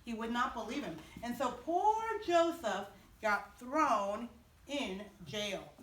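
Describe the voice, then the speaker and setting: A woman chapel teacher telling a Bible story to children, animated and asking them questions along the way. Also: a little high, takes it slowly, slight background noise. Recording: echoey room from far off.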